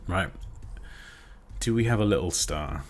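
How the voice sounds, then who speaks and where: Casual British-accented man, lowish voice, teaching design on a livestream. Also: lively intonation, a little slow. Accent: standard British English. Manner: chatty, thinking aloud while working. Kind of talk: casual live design tutorial. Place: home workspace with a cat nearby.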